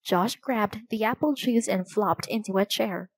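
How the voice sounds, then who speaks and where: A woman with a medium-pitched voice reads a children's chapter book aloud, telling the story clearly and in a measured, slow way. The recording is dry and close with no room sound, and the audio quality is poor.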